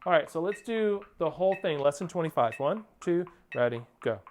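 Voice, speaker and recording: A man's voice: a little high, animated, fairly quick, noisy background. A male percussion teacher giving a drum lesson, coaching steadily, counting off and singing rhythms as syllables. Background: percussion playing.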